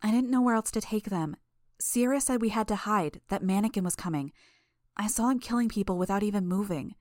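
A woman voicing a frightened teenage girl who speaks quietly and anxiously in an audiobook reading. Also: mid-range voice, dry recording, clean studio sound, voice pushed up, natural voice. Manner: soft, hurried and anxious.

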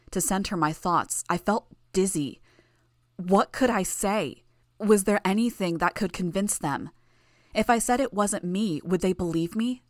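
A woman reading first-person fiction in a measured, tense way. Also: lowish voice, no echo, clean studio sound. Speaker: narrator.

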